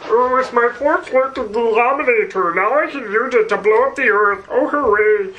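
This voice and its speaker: A man's voice: extremely high pitch, moderate pace, sharp tone, pitched above the performer's own voice, poor audio. A man doing a prim nasal cartoon alien. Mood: scheming.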